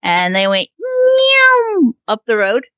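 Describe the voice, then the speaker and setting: A woman's voice: mid-range voice, animated, moderate pace, no room sound, lo-fi sound. Laughing, swearing woman telling a story. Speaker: podcast co-host. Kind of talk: casual chat.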